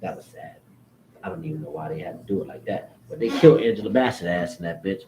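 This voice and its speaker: A man's voice: sits low, fast talker. A man ranting casually to his viewers, profane and repetitive, jumping from topic to topic. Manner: profane, animated, repeats himself. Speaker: vlogger. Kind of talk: casual rant to camera. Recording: echoey room with faint background noise.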